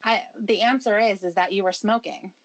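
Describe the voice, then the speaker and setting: A woman hosting a radio advice show, talking a caller through a habit in a calm, measured, coaching way. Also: mid-range voice, dry recording, highs cut off. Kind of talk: advice talk on a radio call.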